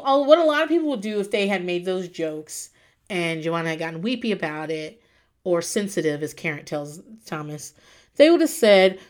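A woman recapping in casual chat, animated, laughing often and swearing freely. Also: medium pitch. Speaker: podcast host recapping reality TV.

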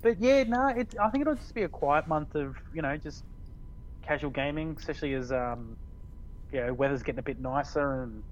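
A man's voice: fairly high pitch, animated, normal speed, lo-fi sound, a little hiss or hum. A man with an Australian accent co-hosting a gaming podcast, talking in a laid-back, meandering way with many fillers. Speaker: podcast co-host. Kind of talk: casual chat.

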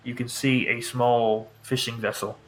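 A man's voice: medium pitch, measured pace, rough recording. Man narrating as game master. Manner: calm descriptive narration.

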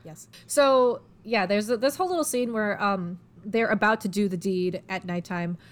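A young woman hosting a casual podcast speaks at a medium pitch. She retells a story in a loose, irreverent way, giggling often and slipping in quick character voices.

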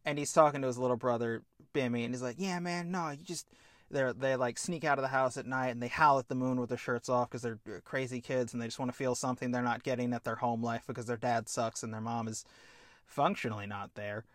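A man co-hosting a podcast, pitching a film idea in an animated, casual chat and swearing freely. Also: fast, no echo, clean studio sound. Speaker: podcast co-host.

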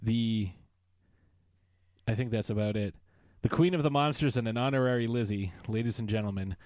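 A man's voice: on the low side, moderate pace, a little mellow, no echo. A man hosting a podcast in casual chat, joking and going off on playful tangents. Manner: playful, riffing, jokey tangents. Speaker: podcast host.

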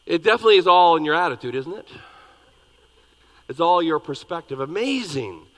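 A male pastor preaches in a large hall, his bright, forceful voice ringing with long reverb. He reads scripture dramatically and then talks plainly to the congregation, with big swings between loud and soft. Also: a little high, fairly quick. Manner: lively, dramatic reading with big swings in loudness. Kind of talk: sermon.

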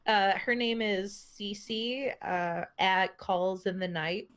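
A woman's voice: medium pitch, takes it slowly, fairly bright tone. Laughing woman podcast co-host. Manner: laughs often, swears casually. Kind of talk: casual chat.

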